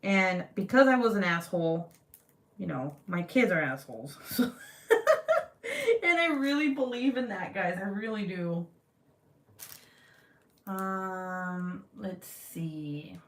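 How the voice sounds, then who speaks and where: A woman's voice: medium pitch, big pitch swings, slow pace, long pauses. A woman in her thirties talks casually to her viewers while she crafts, swearing freely and laughing often. She slips into little voices when she quotes people. Her voice rings off the walls of an echoey room. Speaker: vlogger chatting with live viewers. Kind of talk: casual live-stream chat while crafting.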